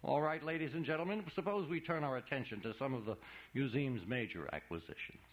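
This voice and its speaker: A man voicing an excitable male museum guide who talks in theatrical, gushing patter. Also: mid-range voice, brisk, muffled recording, natural voice. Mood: showman. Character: showy, excitable male museum guide, eager know-it-all.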